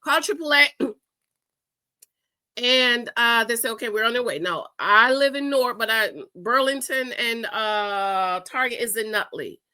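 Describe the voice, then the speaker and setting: A woman's voice: a little high, measured pace, clean tone. A married woman hosting a reaction video, talking emphatically in casual commentary and storytelling, laughing often. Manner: emphatic, animated, laughs often, says "okay?" a lot. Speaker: host of a reaction channel.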